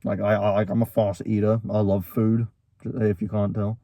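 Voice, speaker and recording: A man's voice: on the low side, flat delivery, normal speed, dark tone, dry recording. A young man telling a story casually, rambling, with many restarts as he recounts a quarrel. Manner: rambling, full of restarts, quoting both sides of a quarrel.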